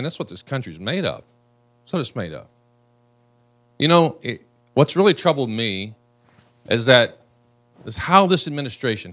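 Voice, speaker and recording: A man's voice: mid-range voice, fairly bright tone. A congressman from the United States speaking earnestly and emotionally at a town hall.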